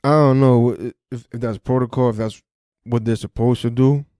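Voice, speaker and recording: A man's voice: medium pitch, fairly even intonation, normal speed, dark tone, no room sound, studio quality. A young man hosting a podcast, recounting a personal story in casual street slang, swearing freely and restarting his sentences often. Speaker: podcast host.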